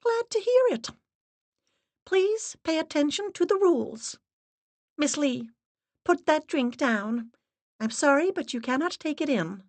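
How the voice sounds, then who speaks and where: A woman voicing a solemn, stern medium's assistant who intones rules in a formal, steady monotone. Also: high-pitched, unhurried, long pauses, no echo, pitched above the performer's own voice. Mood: stern commanding.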